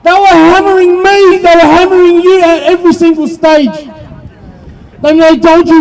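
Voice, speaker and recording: An Australian man giving an impassioned protest speech outdoors, shouting to the crowd at a rally. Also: extremely high pitch, level tone, normal speed, low-quality recording. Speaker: rally speaker. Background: faint crowd.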